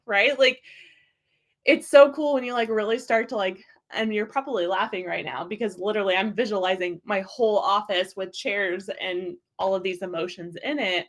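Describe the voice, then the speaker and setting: A woman's voice: medium pitch, steady tone, moderate pace. Chatty upbeat woman podcast host. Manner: chatty, upbeat, says "like" often. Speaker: podcast host and business coach. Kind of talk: casual motivational talk.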